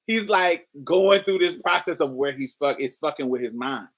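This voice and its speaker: A woman's voice: low voice, animated, normal speed. A woman telling a personal story in a candid, casual way, swearing freely and laughing often. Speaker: storyteller host.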